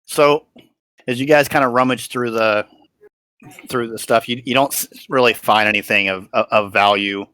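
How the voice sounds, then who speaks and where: A man running a tabletop game as dungeon master, describing scenes in a halting way with many restarts. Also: medium pitch, steady tone, pushed and bright, no room sound.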